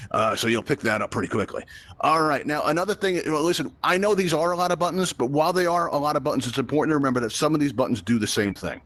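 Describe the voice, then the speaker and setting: Fast-talking upbeat male VR instructor. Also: mid-range voice, fairly bright tone. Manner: upbeat, chatty, addresses the crowd with frequent "right?" checks. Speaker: VR event host and instructor. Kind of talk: live guided tutorial to a virtual crowd.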